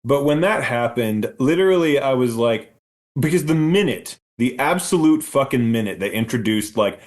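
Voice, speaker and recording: A man's voice: medium pitch, normal speed. A man co-hosting a movie podcast, ranting about a bad film with lots of swearing and rising exasperation. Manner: ranting, profane, animated. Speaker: podcast co-host. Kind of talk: casual movie review chat.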